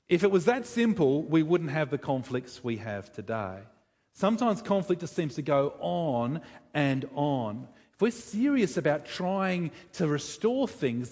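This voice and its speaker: A man preaching a sermon, conversational and lively, asking the congregation questions and joking with them. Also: high voice, breathy edge. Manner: animated, conversational, addresses congregation with questions and humor. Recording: long reverb of a large hall.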